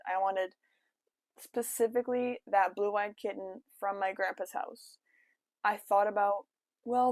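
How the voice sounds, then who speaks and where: A woman's voice: medium pitch, darkish tone, dry recording. A young woman chatting casually to camera at home, telling a story with lots of "like" and quoted asides. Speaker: vlogger.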